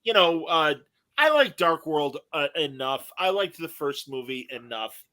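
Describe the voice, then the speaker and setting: Male host, bright tone, relaxed conversational delivery. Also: on the high side, a little slow. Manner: chatty, reads out listener comments. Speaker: podcast host. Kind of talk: casual chat.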